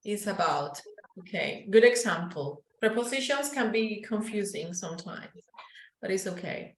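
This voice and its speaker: A woman from Colombia with a Paisa Spanish accent, teaching an English class and modelling sounds slowly, slipping into Spanish to explain. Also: medium pitch, expressive, roomy sound, a little hiss or hum, low-quality recording.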